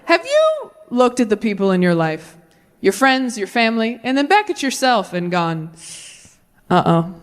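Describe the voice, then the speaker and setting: A young woman doing a stand-up set with crowd work, chatty and animated, drifting into tangents and catching herself. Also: a little high, moderate pace. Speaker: stand-up comedian. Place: comedy stage before a live audience. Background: audience laughter.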